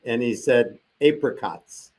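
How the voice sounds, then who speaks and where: A man's voice: medium pitch, takes it slowly, a little mellow. An older man as an interview guest, telling a long personal story and acting out the voices of the people he quotes.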